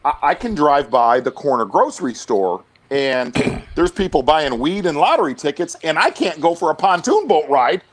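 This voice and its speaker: Appearing as a guest on a relaxed podcast, this middle-aged man has a slightly high voice and a moderate pace. He's blunt and animated, with frequent restarts and stammered repetitions.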